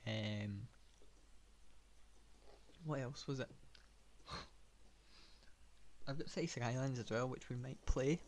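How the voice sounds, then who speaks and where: A man's voice: medium pitch, slow, pauses often, a little hiss or hum. A man giving casual gameplay commentary, thinking aloud with lots of fillers and dry, sarcastic asides. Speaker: gamer.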